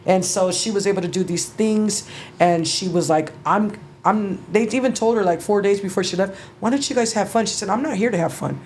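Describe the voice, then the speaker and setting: A middle-aged woman, an interview guest, telling her story in a halting, emotional way, with restarts and casual swearing. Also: mid-range voice, a little mellow, slight background noise. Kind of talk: personal storytelling.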